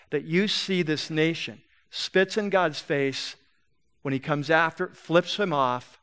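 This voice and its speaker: A man preaching a sermon in a church, swinging between loud emphatic bursts and low, soft passages. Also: clear, resonant tone. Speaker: pastor. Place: church sanctuary.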